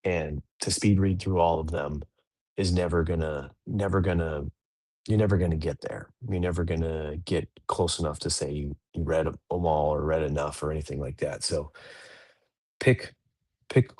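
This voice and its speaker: A man's voice: very deep voice, steady tone, normal speed, a little mellow, no room sound. A man in his thirties hosting a dads' podcast, talking through a daily reading in a rambling, self-correcting way. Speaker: podcast host. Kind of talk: casual reflective chat.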